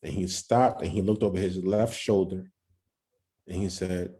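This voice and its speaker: Man, very low voice, mellow tone, casual halting storytelling. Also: fairly even intonation. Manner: loose, halting, with many restarts and street slang. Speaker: podcast guest.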